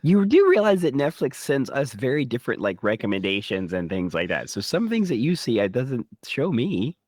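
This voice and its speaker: A man's voice: mid-range voice, very animated, normal speed, a little mellow, no room sound, studio quality. A man co-hosting a podcast in casual chat, wry and teasing, with frequent laughs. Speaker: podcast co-host.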